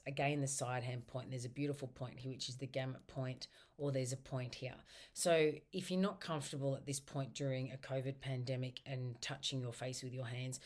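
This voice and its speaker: A woman practitioner giving gentle self-help instruction, guiding a tapping round and slowly repeating its phrases. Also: rumbling low.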